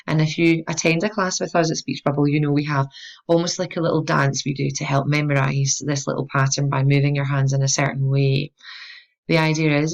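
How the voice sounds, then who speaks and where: A woman leads a language lesson in a low, gravelly voice. She explains each step with clear, patient encouragement. The recording sounds a little dull and lo-fi. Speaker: language teacher. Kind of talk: instructional explanation.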